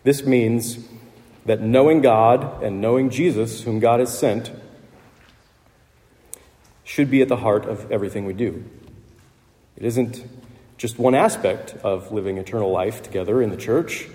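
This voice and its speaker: A man's voice: fairly low pitch, measured pace, pauses often, mellow. A man preaching a sermon in a conversational way, with fillers and small laughs. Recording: long hall reverb.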